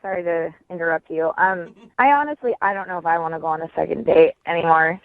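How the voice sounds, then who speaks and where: A woman's voice: lowish voice, fast, dry recording. A woman in her twenties speaks over a tinny phone line on a radio call. She is direct and firm, and her sound is dry. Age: 20s. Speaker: caller.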